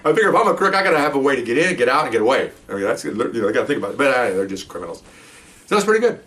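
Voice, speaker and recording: An older man, a retired police officer, telling a story in a casual, animated way, laughing and acting out voices. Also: medium pitch, racing, recorded from a distance.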